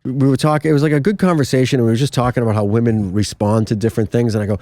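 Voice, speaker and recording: A man's voice: medium pitch, fairly even intonation, rapid-fire, a little mellow, dry recording, studio quality. A man hosting a podcast, telling a long anecdote in casual chat, with frequent stutters and restarts. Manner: rambling anecdotes with many restarts. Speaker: podcast host.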